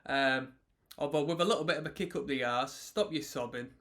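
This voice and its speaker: A man's voice: medium pitch, fairly quick, a bit bright. A man hosting an album reaction, chatting casually and talking over the track as it plays. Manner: chatty, talks over the music, sings along. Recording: music playing in the background.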